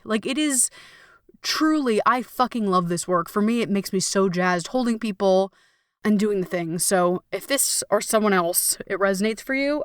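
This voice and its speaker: A woman's voice: medium pitch, lively intonation, moderate pace, a bit bright, smooth, no echo, clean studio sound. A young adult woman hosting a podcast, talking casually and expressively, swearing freely and acting out her inner voices. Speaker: podcast host and coach. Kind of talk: casual solo podcast monologue.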